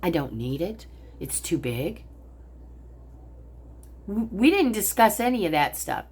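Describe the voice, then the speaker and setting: A lowish, very animated voice with a measured pace and darkish tone comes through over slight background noise. It belongs to an older American vlogger ranting angrily and profanely to her phone camera about her family, at home by a view of a pond.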